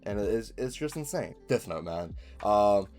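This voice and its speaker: A man's voice: on the low side, expressive, normal speed, darkish tone, faint music behind. A young man with a New Zealand accent chatting casually, rambling with lots of ums and swearing. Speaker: video creator. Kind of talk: casual chat.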